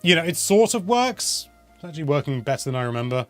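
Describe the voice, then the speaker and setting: A man's voice: fairly high pitch, very animated, quick pace, faint music behind. A young man hosting a casual live question-and-answer stream, chatty and rambling, often correcting himself mid-sentence. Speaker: host answering viewer questions.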